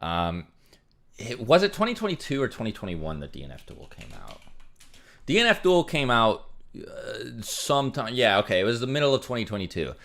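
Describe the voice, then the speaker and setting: A man's voice: medium pitch, sing-song, normal speed, gravelly, a bit bright. A young man casually chatting on a livestream, rambling with many fillers as he reads out donations. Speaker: streamer.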